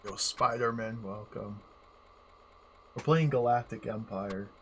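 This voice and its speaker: A man streaming a game live, talking through it aloud in an excitable, joking way. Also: fairly low pitch, slow pace, a little hiss or hum. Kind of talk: casual live gameplay commentary.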